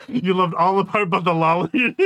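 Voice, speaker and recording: A man's voice: sits high, normal speed, sharp tone, no room sound. Hesitant, easygoing man co-host. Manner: hesitant, full of ums and likes, easy laughs. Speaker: podcast co-host. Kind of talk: casual book-club chat.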